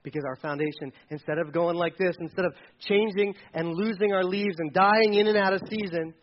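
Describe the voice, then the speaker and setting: A man preaching a sermon as pastor, animated, joking with the congregation and repeating key words for emphasis. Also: high voice, brisk, muffled recording.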